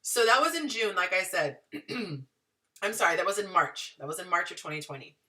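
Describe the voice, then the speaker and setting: A woman in her thirties telling her story to viewers in a chatty, animated way. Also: on the low side, fairly quick, recorded from a distance. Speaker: dating and relationship advice vlogger.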